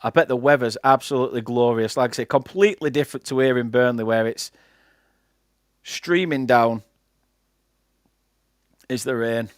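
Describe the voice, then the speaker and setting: Young Lancashire man, fan-channel match commentary, relaxed chat, mid pitch, dry sound. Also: moderate pace, pauses often, clean tone, no room sound. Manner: chatty, reads out viewer comments between play-by-play. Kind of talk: casual live watchalong commentary.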